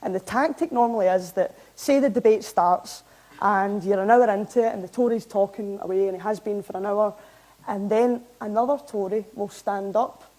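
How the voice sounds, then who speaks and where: A young Scottish woman giving a public talk, recounting events in a lively, anecdotal way. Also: medium pitch, moderate pace, low-quality recording. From Scotland. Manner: lively anecdotal, animated when amused. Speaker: member of parliament giving a talk. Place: hall, talk to an audience.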